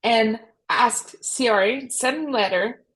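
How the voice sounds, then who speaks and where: Emphatic, husky-voiced woman talking politics. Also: fairly high pitch, fairly bright tone, low-quality recording. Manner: emphatic, opinionated, quick outbursts. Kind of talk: casual political chat.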